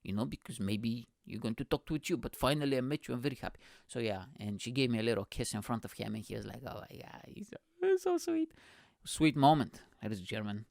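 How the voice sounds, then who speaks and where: A man's voice: mid-range voice, fast, creaky, a little mellow, no echo, studio quality. A man hosting his own podcast, telling a crude, self-mocking comic story. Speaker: podcast host.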